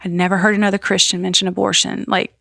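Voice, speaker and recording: Woman, podcast guest, earnest animated testimony, mid pitch, dry close sound. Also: quick pace, gravelly, no room sound. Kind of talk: personal faith testimony.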